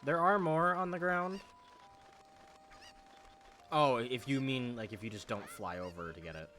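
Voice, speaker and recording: A man's voice: medium pitch, measured pace, bright, forceful tone, slight background noise. A man giving casual, wisecracking commentary while playing a video game, swearing freely. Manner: profane, wisecracking. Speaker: let's play gamer.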